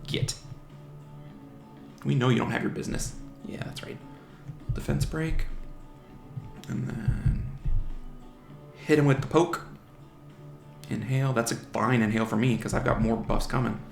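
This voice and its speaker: Gravelly man muttering game commentary. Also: mid-range voice, fairly even intonation, moderate pace, pauses often, darkish tone. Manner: chatty, mutters strategy aloud, teases opponents' monsters. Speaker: gaming channel host. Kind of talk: casual live game commentary. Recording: roomy home recording with faint music.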